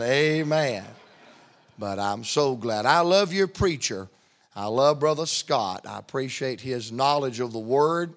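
With lively intonation at a normal speed, a middle-aged man speaks in a medium pitch. He's a guest preacher kicking off his sermon with folksy humor, a joking storyteller at heart.

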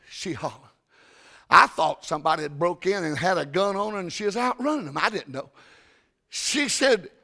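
An older man preaches a folksy, storytelling sermon. His voice is high-pitched, bright and gravelly, and it often rises into shouts. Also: lively intonation, normal speed.

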